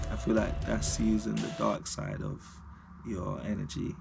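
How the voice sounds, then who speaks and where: A man's voice: fairly low pitch, flat delivery, slow, vocal fry, music in the background. A man vlogging to camera, talking unscripted in a reflective, rambling way and laughing at himself.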